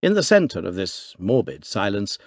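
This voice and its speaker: A man narrating a classic detective story in an expressive, dramatic reading. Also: on the low side, moderate pace, no room sound, clean studio sound. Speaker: audiobook narrator. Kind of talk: scripted narration.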